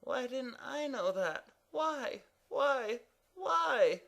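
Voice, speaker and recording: A man voicing a confused, timid male question mark character who speaks quietly and stammers. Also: extremely high pitch, sing-song, extremely slow, gravelly, voice pushed up, exaggerated voice. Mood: unsure.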